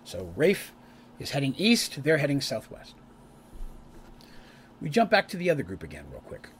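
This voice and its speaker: A man's voice: a little high, huge pitch swings, moderate pace, slight background noise. A man casually recapping a tabletop campaign, rambling with chatty asides and restarts.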